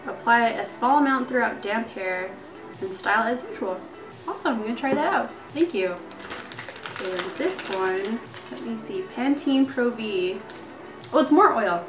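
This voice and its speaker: A young woman vlogger chatting casually as she unboxes beauty gifts, gushing and excited. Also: a little high, normal speed. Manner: bubbly, gushing, lots of "like" and "so cool". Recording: echoey room with faint music.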